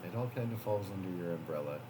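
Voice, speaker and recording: Deep-voiced male game master. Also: expressive, quick pace, background noise. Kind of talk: narrating a tabletop game.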